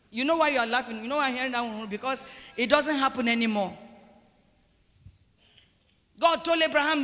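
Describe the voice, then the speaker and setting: Sex: man. Role: pastor. Style: emphatic sermon with repeated lines and shouts. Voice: very high and bright. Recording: long reverb in a large church hall. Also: fairly quick. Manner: emphatic preaching, repeats phrases, rises to shouts.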